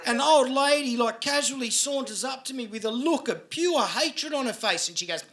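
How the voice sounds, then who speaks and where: On a club stage, a comedian with an Australian accent talks to the crowd in an extremely high, fairly bright voice, animated but at a moderate pace. His set is crude and sarcastic, and the live recording picks up the audience laughing.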